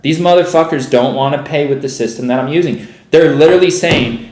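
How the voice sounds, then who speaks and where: A man's voice: on the high side, fairly quick, darkish tone, reverberant. A young man giving profane, exasperated live commentary on his trades as a streaming day trader, peppering every sentence with "bro" and "dude.".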